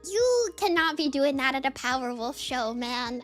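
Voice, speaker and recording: High-voiced animated young woman streamer. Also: normal speed, hardly any pauses, soft background music. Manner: animated, laughs often, heavy use of "like". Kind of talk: casual livestream storytelling chat.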